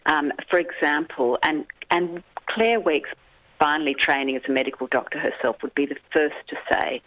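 A woman's voice: sits low, normal speed, fairly bright tone, dry recording, lo-fi sound. A woman author, a guest on a radio interview, telling a story in an earnest, vivid way.

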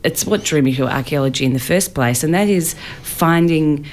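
A woman's voice: low-pitched, moderate pace, darkish tone. A woman, an author and archaeologist, chatting animatedly in a radio studio interview and laughing often.

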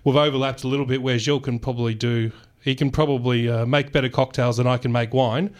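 A man, a guest on a radio talk show, explaining his craft in a casual, hesitant way full of fillers and quick laughs. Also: mid-range voice, fairly even intonation. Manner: chatty, hesitant with many fillers, laughs easily. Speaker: vermouth maker guest.

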